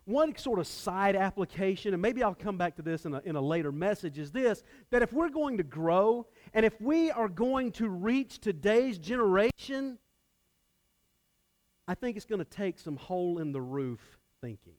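A man with a high voice preaching a sermon. He talks to his listeners like a conversation and keeps asking them questions. He acts out the lines he quotes with big jumps in pitch and volume. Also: lively intonation, moderate pace, darkish tone. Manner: conversational, asks the audience questions. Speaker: pastor.

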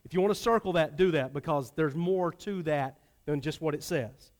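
High-voiced pastor preaching with swings. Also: male voice, normal speed. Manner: animated, swings from loud emphasis to hushed low delivery. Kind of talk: sermon.

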